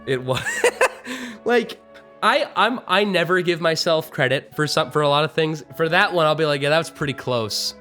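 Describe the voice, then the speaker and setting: Speaking a little fast with few pauses, a male streamer and voice actor talks loosely about voice acting during a live stream, mocking himself and laughing in bursts. His voice sits on the high side with a sharp tone, captured through a streaming mic over soft background music.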